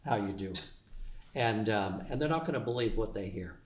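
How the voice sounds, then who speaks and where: A man's voice: fairly low pitch, animated, normal speed. Laid-back guy chatting with his wife, lots of ums, echoey room. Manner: easygoing, lots of ums and you-knows. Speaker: co-host. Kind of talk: casual chat.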